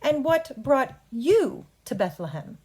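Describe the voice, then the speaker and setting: A woman voicing an earnest male defense attorney in a courtroom play, with slow, deliberate and formal delivery. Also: fairly high pitch, sing-song, faint music behind, exaggerated voice.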